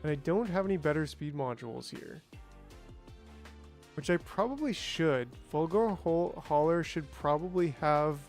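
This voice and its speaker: A man's voice: a little high, animated, a little slow, a little mellow, faint music behind. A man streaming a game, chatting casually and thinking aloud, with playful sound effects. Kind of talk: casual gameplay livestream chat.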